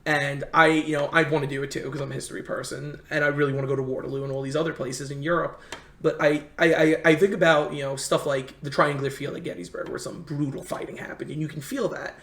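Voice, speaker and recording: A man's voice: fairly high pitch, flat delivery, creaky, fairly bright tone, slight background noise. Man telling rambling history stories, echoey room. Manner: rambling, halting history storyteller with many restarts. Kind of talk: casual storytelling chat.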